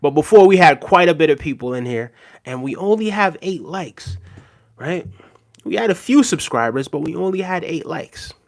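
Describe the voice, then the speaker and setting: A man's voice: fairly high pitch, expressive, normal speed. Earnest man hosting a livestream. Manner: earnest, reassuring, filler-heavy. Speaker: livestream host. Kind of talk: casual livestream chat reading comments.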